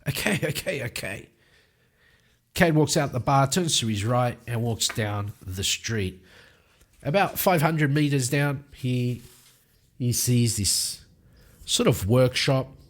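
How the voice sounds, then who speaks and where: A man narrating his solo tabletop game, telling the story in a lively way and acting out scenes. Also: mid-range voice, takes it slowly.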